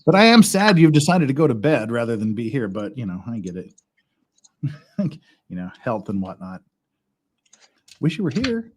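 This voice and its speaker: A man's voice: medium pitch, big pitch swings, moderate pace, long pauses, slight background noise. A man hosting a casual livestream, rambling and chuckling as he builds Lego and counts pieces aloud. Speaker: stream host.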